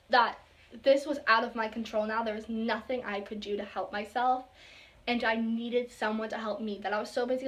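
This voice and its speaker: Young woman vlogging a personal story. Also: on the high side. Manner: casual, filler-heavy retelling with many quoted asides; drops to soft whispers when quoting herself and others.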